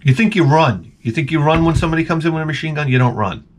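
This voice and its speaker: A man telling a comedic story in an animated rant, swearing and stammering through restarts. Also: fairly high pitch, fast talker. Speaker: comedic vlogger.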